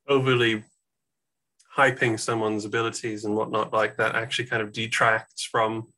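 A man with a fairly low but bright, forceful voice talks casually as a podcast guest about a strategy game. He often hesitates, filling pauses and restarting his sentences as he thinks. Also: poor audio. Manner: chatty, hesitant fillers. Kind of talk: casual discussion while playing.

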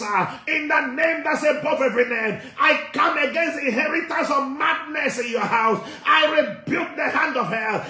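A man with a very high, bright, piercing voice shouts prayers, repeating commands and breaking into tongues. He leads a deliverance prayer session, and the sound rings in an echoey church hall. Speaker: pastor.

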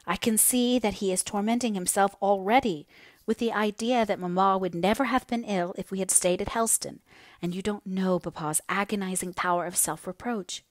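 A woman reading the lines of a gentle young heroine grieving over her mother, in a subdued, earnest tone. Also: medium pitch, moderate pace, no room sound, studio quality, close to an everyday voice. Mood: gloomy.

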